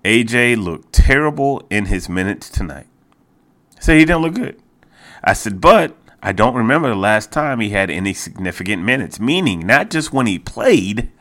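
Casual but increasingly exasperated, this solo sports podcaster speaks at a moderate pace in a fairly bright tone with big pitch swings, his voice leaping up when worked up. He often repeats himself and stumbles into restarts.

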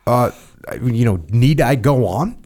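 A man's voice: mid-range voice, animated, slow pace, a little mellow. A man hosting a podcast, talking casually and acting out short quoted exchanges to make his points. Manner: plain-spoken, acts out short quoted dialogues. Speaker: podcast host.

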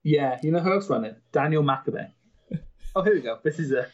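A chatty, well-informed man co-hosting a laid-back watchalong podcast. His voice is husky, and the recording sounds dull and lo-fi. He laughs often as he talks. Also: fairly high pitch, lively intonation, a little fast, a little mellow. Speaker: podcast co-host. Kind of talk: casual watchalong chat.

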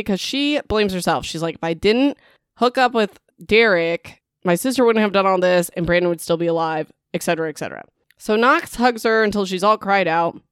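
Chatty sarcastic woman, smooth dry voice. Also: medium pitch, dry recording. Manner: chatty and sarcastic, peppered with "like" and "whatever"; dramatic teasing asides to the audience. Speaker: book reviewer. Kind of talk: casual chapter-by-chapter book recap.

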